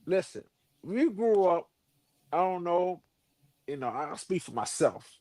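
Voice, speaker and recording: Animated high-voiced man reminiscing. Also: a little slow, no echo. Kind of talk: casual podcast chat.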